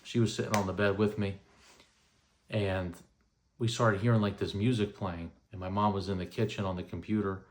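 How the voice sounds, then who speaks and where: A man's voice: low-pitched, steady tone, moderate pace. A man in his thirties casually telling a first-person story, rambling with lots of "you know" and "right?". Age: 30s. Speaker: vlogger recounting paranormal experiences.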